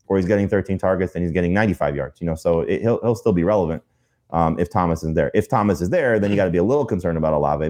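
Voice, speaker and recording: A man's voice: deep voice, a little mellow. A man giving fantasy football analysis in casual chat, hedging and talking things through.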